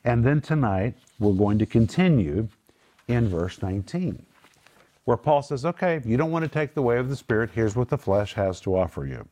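A man's voice: mid-range voice, big pitch swings, normal speed, mellow. A middle-aged man hosting a Bible teaching group, preaching earnestly, praying aloud and patiently explaining the meaning of words. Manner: earnest, emphatic preaching that moves into spoken prayer.

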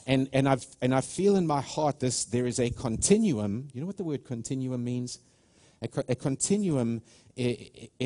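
A mellow, mid-range voiced man from South Africa gives a live sermon in a church sanctuary. He preaches earnestly in a stop-start way, restarting often and addressing the congregation directly.

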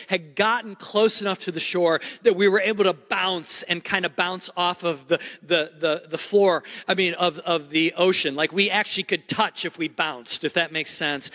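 A middle-aged man preaching a sermon, telling a personal story with animated, emphatic delivery and frequent restarts. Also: sits high, big-room sound. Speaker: pastor.

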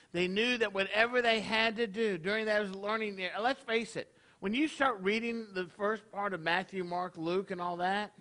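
Guy rabbi preaching, kinda high voice, chatty, keeps asking the room questions. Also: bright, forceful tone. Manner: conversational, asks rhetorical questions to the congregation. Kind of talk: sermon. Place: congregation hall.

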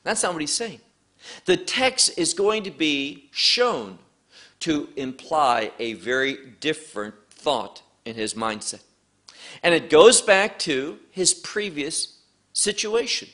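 A man's voice: on the high side, animated, slow, fairly bright tone. A man teaching through a Bible passage verse by verse, speaking emphatically and repeating key words for stress.

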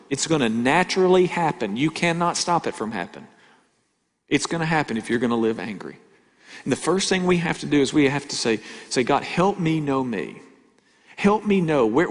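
A man preaching a sermon in a church hall, his mid-pitched voice trailing off into a long reverb. He stresses his points by saying them twice and keeps asking the listeners whether they are with him. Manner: emphatic, repeats key lines, asks the crowd for agreement. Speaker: pastor.

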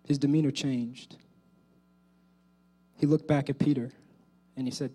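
A male pastor delivering a sermon, speaking directly to the congregation and swinging between loud exhortation and quiet asides. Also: medium pitch, fairly even intonation, measured pace, pauses often.

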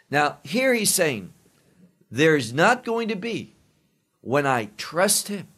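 Slow gravelly-voiced man preaching. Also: a little high, a bit bright. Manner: slow, emphatic Bible teaching, lingering on quoted verses. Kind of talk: sermon.

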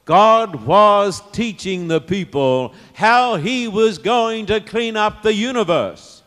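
A man preaching a sermon, swinging from loud declarations to hushed, intimate asides. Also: high voice, lively intonation, slow pace, hardly any pauses. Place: church or meeting hall. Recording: long hall reverb.

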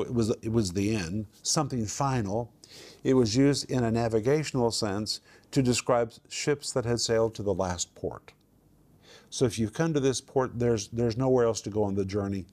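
A man's voice: medium pitch, darkish tone. A man teaching a home group Bible study, emphatic and repeating words for stress.

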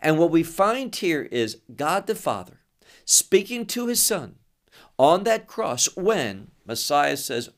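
A man teaching through scripture verse by verse, explaining each phrase in a measured way and pausing between short phrases. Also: on the high side, very animated. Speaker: Bible teacher.

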